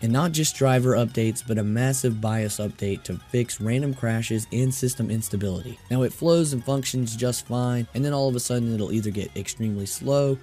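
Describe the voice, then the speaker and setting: A man with laryngitis, hoarse, giving a casual, upbeat, opinionated product review as a voice-over. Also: mid-range voice, normal speed, few pauses, mellow, faint music behind. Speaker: tech reviewer.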